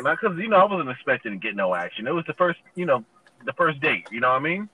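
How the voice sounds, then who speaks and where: A man's voice: medium pitch, very animated, fast, phone-quality sound, a little hiss or hum. A man in his thirties casually telling a long personal story, laid-back and full of "you know" fillers.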